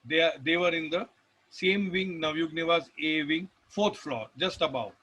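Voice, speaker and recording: Man, Indian English accent, spiritual talk, bright forceful tone, slightly raised pitch. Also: moderate pace, breathy edge, low-quality recording. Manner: rambling, digressive storytelling with restarts and emphatic lists. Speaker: devotional speaker.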